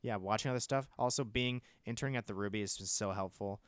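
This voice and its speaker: A male comedian chatting casually on a podcast, laid-back and quick to laugh. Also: on the low side, dry recording. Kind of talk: casual chat.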